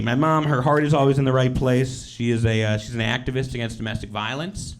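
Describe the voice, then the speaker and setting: A man performing stand-up comedy in a casual, animated way, laughing between his lines. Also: mid-range voice, a little fast, hardly any pauses, a crowd in the background.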